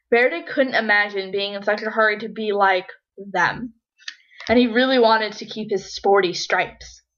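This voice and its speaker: Woman reading a children's storybook aloud. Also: a little high. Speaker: storybook reader. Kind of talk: children's picture-book read-aloud. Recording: dull lo-fi recording.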